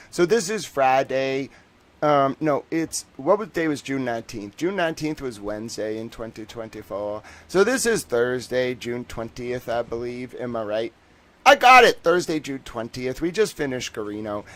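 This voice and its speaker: A man hosting a casual livestream, rambling and joking and laughing often, from the northern United States. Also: mid-range voice. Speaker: livestream host.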